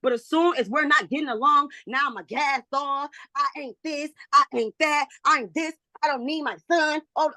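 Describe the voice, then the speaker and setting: Testifying emotionally in a custody hearing, a woman pleads in an agitated way and repeats herself out of frustration. Her voice is high-pitched, pushed and bright, with no echo.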